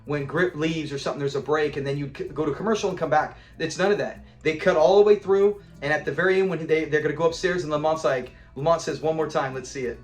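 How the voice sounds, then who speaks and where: A middle-aged man reviewing a classic sitcom episode in a loose, animated way. His voice sits high for a man, and he laughs easily while acting out lines. Faint music runs underneath. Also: quick pace, few pauses. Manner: animated, laughs often, acts out quotes. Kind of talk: casual commentary.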